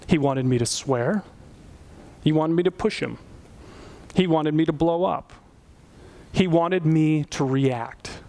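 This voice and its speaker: A man's voice: fairly high pitch, a little mellow. A man preaching a sermon as pastor, telling a personal story and pleading earnestly. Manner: storytelling, rising to pleading intensity.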